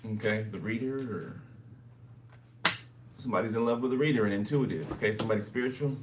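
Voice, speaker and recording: A man with a fairly low voice gives a casual tarot reading at a fast clip, musing aloud, repeating phrases, and checking in with frequent "okay?" The mic is distant and picks up background noise.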